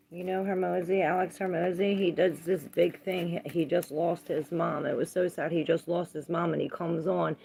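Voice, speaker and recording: A woman tarot reader in a casual livestream chat, rambling between her thoughts and greeting viewers by name, with a gravelly voice. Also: fairly low pitch, warm tone.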